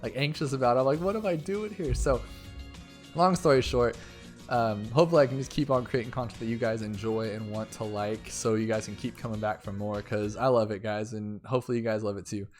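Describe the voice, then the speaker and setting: Excitable rambling gaming YouTuber man. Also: lowish voice, a little fast, faint music behind. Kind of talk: rambling game commentary.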